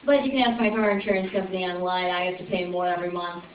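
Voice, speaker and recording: A woman's voice: lowish voice, quick pace, noisy background. Young woman ranting on an open mic stage. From Chicago. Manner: rambling, exasperated, chatty asides to the crowd. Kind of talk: stand-up comedy rant. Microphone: far camera. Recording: echoey room from far off, dull lo-fi video.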